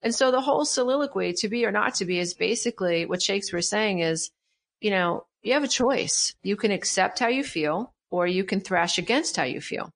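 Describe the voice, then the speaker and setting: A woman's voice: mid-range voice, animated, fairly quick, gravelly. A middle-aged woman, a guest coach in an interview, talking emphatically and repeating her key phrases with animation. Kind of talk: interview conversation.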